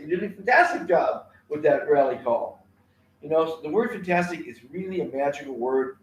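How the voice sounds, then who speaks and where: A man's voice: medium pitch, very animated, normal speed, echoey room, rough recording. A man teaching a kindness class alone on a live stream, rambling with many fillers and repeated words.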